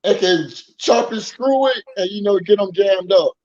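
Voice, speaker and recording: A man's voice: sits high, normal speed, a little mellow, highs cut off. A man on a casual chat show, making laid-back wisecracks.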